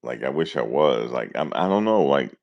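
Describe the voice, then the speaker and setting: A man, talking casually and deadpan to his viewers, musing and repeating himself in slangy speech. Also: very deep voice, normal speed, highs cut off. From New Jersey, USA. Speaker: vlogger. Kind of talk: casual rambling monologue.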